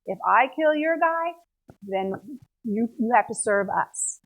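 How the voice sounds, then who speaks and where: A woman's voice: a little high, lively intonation, slow, fairly bright tone, full character voice. A woman voicing a boastful giant warrior who taunts and challenges his enemies, in a Bible story. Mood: taunting. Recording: tinny phone-like sound.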